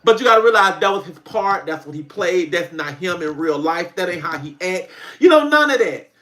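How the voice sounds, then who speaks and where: A man with a high, bright, ringing voice talks on a casual livestream. He tells animated stories, laughs often and swears freely as he chats with his viewers. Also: a little fast. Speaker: comedy skit creator hosting a livestream.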